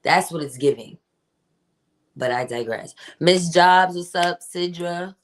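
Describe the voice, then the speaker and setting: A woman's voice: on the low side, slow. A woman hosting a casual livestream podcast, chatty and emphatic, reading out and answering her live chat. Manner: chatty and emphatic, greets viewers by name.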